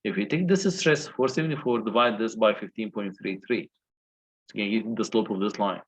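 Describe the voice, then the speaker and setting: A man's voice: lowish voice, a little fast, husky, poor audio. A male engineering lecturer walking through calculations step by step and asking the class questions. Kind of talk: recorded lecture walkthrough.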